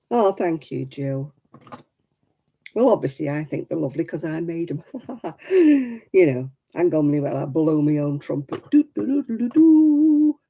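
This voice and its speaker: Woman hosting a craft stream: chatty, self-mocking, husky, lively up-and-down voice. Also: on the low side, poor audio. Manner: chatty, self-deprecating, greets viewers by name. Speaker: crafting livestream host. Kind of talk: casual livestream chat with viewers.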